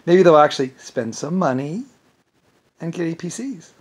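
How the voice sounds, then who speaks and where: A man's voice: fairly high pitch, lively intonation, moderate pace, husky. A man delivering an angry, rambling vlog monologue, swearing and repeating words as he stumbles. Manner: profane, indignant, repeats words when stumbling. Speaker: vlogger.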